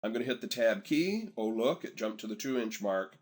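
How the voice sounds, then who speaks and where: A man narrating a screen-recorded software tutorial in a relaxed, chatty way, often telling viewers to pause and catch up. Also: lowish voice. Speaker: software instructor.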